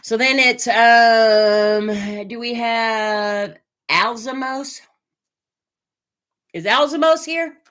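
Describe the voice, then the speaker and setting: A woman's voice: on the high side, very slow, long pauses, a bit bright. A woman from Oregon chatting on a live stream while she gives a tarot reading, with lots of fillers and hesitations. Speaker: tarot reader.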